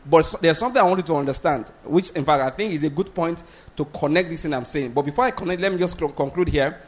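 Blunt, animated male preacher. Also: a little high, fast. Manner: animated, blunt, asks the congregation rhetorical questions; laughs between points, restarts sentences. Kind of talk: sermon.

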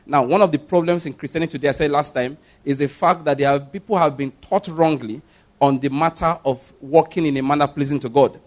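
Preacher man reading scripture slowly. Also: a little high. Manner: slows and stresses scripture, quick asides; calls on the congregation to repeat and notice.

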